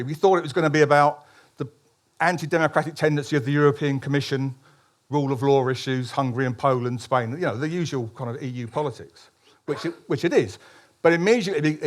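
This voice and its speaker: A man, a columnist, giving a public speech at a political meeting, emphatic, with frequent restarts and ironic asides. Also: mid-range voice.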